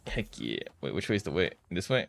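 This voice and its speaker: Lively, goofy man quipping in a game. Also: sits low, fairly quick, gravelly. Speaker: gamer. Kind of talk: casual co-op gaming chat.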